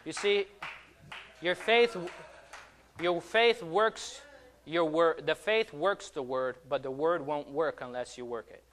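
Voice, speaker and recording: A young man preaching a fervent sermon, rising loud on calls and dropping soft between them. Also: on the high side, slow pace.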